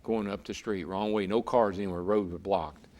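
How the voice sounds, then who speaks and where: This low, steady, slightly mellow voice moves at a moderate pace. It belongs to a man, formerly a racer and now a broadcaster, who tells a vivid story in an interview, often repeating words.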